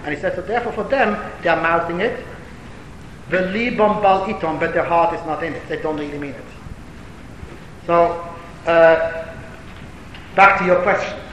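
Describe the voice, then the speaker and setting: A man's voice: moderate pace, pauses often, a bit bright. A man giving a Torah lecture as a rabbi answering a question, telling stories and rising to emphatic declamation, with Hebrew and Yiddish terms mixed in. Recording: echoey hall with faint rumble.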